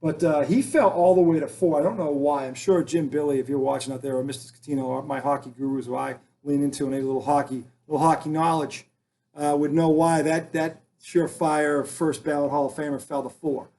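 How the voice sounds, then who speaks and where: A man's voice: on the high side, fairly even intonation, fairly quick, dark tone. A man hosting a casual sports talk show, rambling and joking with frequent restarts. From Boston area.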